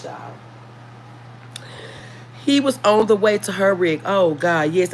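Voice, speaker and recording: A woman's voice: lowish voice, a little hiss or hum. A woman with a Memphis Southern accent, chatting casually with her livestream viewers and often calling them y'all. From Memphis, Tennessee. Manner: earnest, warning tone. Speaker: livestream host.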